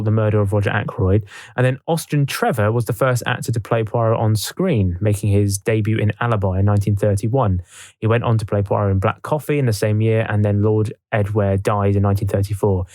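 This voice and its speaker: Relaxed male podcast host reading notes. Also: lowish voice, dry recording. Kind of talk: casual chat.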